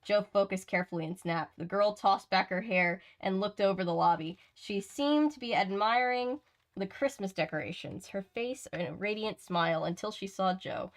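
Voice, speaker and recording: A woman's voice: mid-range voice, normal speed. Woman, live-stream host, reading a novel aloud, chatty asides, stumbles and self-corrects.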